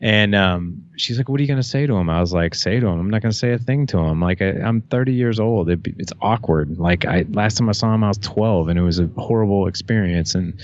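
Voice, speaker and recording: A man's voice: sits low, fairly quick, hardly any pauses, no room sound, lo-fi sound. A man in his thirties, a podcast guest, telling a personal story casually and candidly, full of restarts and "like", with some swearing. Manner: casual, profane, retells dialogue with many "like"s and restarts.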